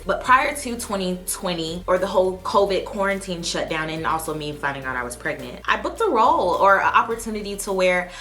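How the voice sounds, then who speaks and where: A woman's voice: fairly low pitch, bright, forceful tone. A woman vlogger chatting to camera from her desk in a spontaneous, heartfelt way. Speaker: vlogger and aspiring actress. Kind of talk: casual chat to camera.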